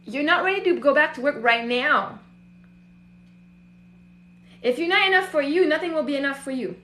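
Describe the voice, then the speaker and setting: Middle-aged woman coach, high and bright voice, blunt and animated, recorded in an echoey room. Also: normal speed. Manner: blunt, swears freely, animated storytelling. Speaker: host, emotional healing coach. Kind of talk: casual motivational talk.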